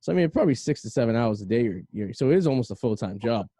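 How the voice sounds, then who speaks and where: A man's voice: medium pitch, animated, very fast, dark tone, dry recording, studio quality. A man with a Boston accent hosting a podcast in casual, rambling chat full of fillers. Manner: rambling, storytelling, frequent fillers. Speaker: podcast host.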